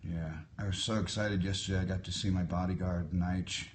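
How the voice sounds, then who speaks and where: A man in his fifties with a deep, low voice, talking into a phone during a live stream. He answers viewer questions in a relaxed, musing way and wanders from one topic to the next. Faint ambient noise sits behind him. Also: fairly quick. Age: 50s. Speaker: livestreamer answering viewer comments. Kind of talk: casual live-stream chat. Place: hotel at sunrise. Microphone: phone held for a live stream.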